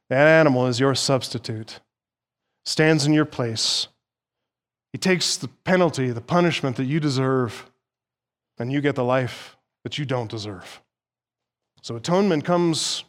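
A middle-aged man preaching an expository sermon as pastor, emphatic, dropping soft and then rising loud to stress his points. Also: on the high side.

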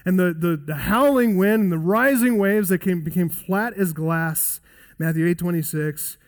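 A male pastor preaching a sermon, speaking earnestly and dropping softer when he quotes scripture. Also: high voice, normal speed. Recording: long reverb of a hall.

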